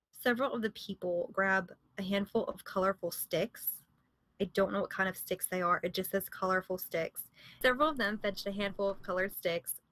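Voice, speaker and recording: A woman's voice: mid-range voice, fairly bright tone, no room sound. A woman podcast host in casual storytelling, retelling and reading from a book, conversational with fillers and self-corrections.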